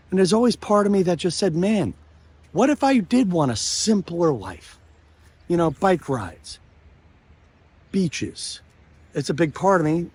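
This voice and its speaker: A man hosting his vlog outdoors near the ocean, telling a story in a rambling, excitable way full of restarts and asides. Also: fairly high pitch, a little slow, pauses often, husky. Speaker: comedian and vlog host.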